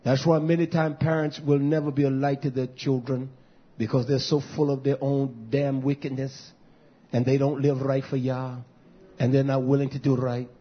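A man preaching a fiery sermon, swinging from shouts to low mutters. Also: little pitch movement, moderate pace, husky, dull audio.

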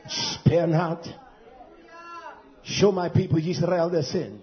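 A man preaching a fiery sermon, swinging from loud, rhythmic, "uh"-punctuated shouting to low, quiet talk. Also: steady tone, slow pace, lo-fi sound. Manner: preaching with rhythmic "uh" fillers, rising to shouts then dropping low.

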